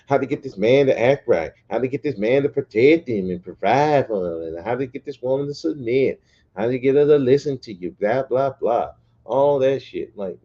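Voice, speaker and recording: On a podcast livestream with dull audio, a man with a dark, medium-pitched voice rants bluntly and profanely in a casual, repetitive way.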